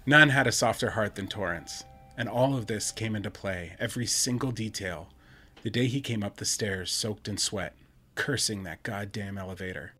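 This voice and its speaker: A man, a podcast host, narrating a first-person horror story in a measured, dramatic and wry way. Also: fairly low pitch, bright, forceful tone, soft background music.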